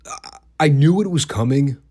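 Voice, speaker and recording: A man's voice: on the high side, expressive, moderate pace, warm tone, breathy edge. A man hosting a casual wrestling review podcast, dry and profane, cracking himself up at times. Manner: dry, profane, laughs at his own jokes.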